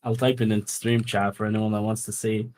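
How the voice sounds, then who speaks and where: A man's voice: on the low side, level tone, a little fast, darkish tone. A man whose first language is Arabic, a guest on a live stream, chatting casually, teasing, laughing often and swearing. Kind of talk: casual chat.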